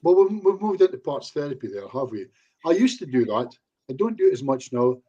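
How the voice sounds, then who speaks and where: Very animated and a little fast, this man speaks in a mid-range voice with a dark tone, and the audio sounds dull. As a hypnotherapist guest in a casual online interview, he chats away and acts out client remarks in asides using quoted voices.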